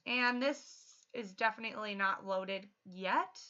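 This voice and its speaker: A chatty young woman talks through her game stream with a bright, forceful voice that sits a little high. She sounds excitable and laughs easily. The audio is dull and lo-fi. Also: moderate pace. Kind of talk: casual livestream chat.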